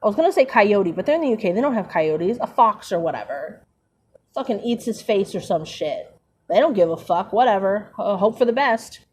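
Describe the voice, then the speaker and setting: A woman's voice: medium pitch, animated, brisk, a little mellow. A young woman with a mid-range voice riffs sarcastically on a book she is reading aloud. She swears freely and leans on fillers as she talks. A faint background hiss sits under the voice. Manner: sarcastic, profane asides, frequent fillers. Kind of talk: casual commentary while reading aloud.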